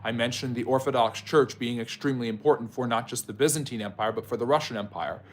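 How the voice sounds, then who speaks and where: A man's voice: medium pitch, fast talker. A man hosts a live history stream, speaking in a mid-range voice. He answers chat questions one by one, addressing viewers by name. His long explanations are dotted with ums and mid-sentence restarts. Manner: explains at length, with frequent ums and self-corrections. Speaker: history channel host.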